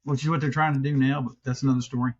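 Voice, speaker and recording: A man's voice: medium pitch, steady tone, racing, lo-fi sound. A middle-aged man co-hosting a podcast in casual chat, rambling and restarting, swearing freely. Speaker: podcast co-host.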